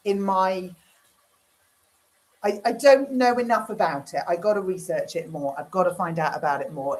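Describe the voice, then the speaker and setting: A middle-aged woman, chatting frankly with viewers and reading out their comments while she cooks dinner. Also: lowish voice. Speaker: livestream host. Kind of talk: casual chat, answering viewer comments. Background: cooking dinner while talking.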